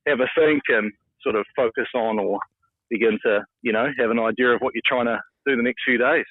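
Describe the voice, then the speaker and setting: A man's voice: medium pitch, steady tone, a little fast, no echo. A man with a New Zealand accent, a mental skills coach, talking in a laid-back, self-deprecating way in a casual interview over the phone. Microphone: phone call. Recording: tinny dry phone line.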